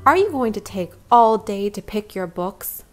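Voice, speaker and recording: A woman reading a storybook, voicing an impatient, easily frightened young girl bear cub in a higher voice. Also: big pitch swings, unhurried, faint music behind. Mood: impatient, scared. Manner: high and emphatic.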